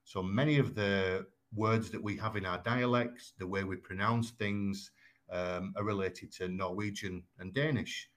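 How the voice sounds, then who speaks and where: A man from Yorkshire with a Yorkshire accent, talking as a guest and explaining things in a measured way, with frequent ums and small restarts. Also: low-pitched, steady tone, a bit bright. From Yorkshire, England. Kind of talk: conversational explaining.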